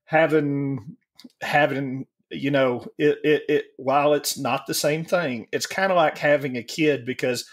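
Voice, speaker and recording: Slow, musing man in his forties. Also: on the high side, fairly even intonation. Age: 40s. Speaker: podcast co-host. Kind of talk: casual chat.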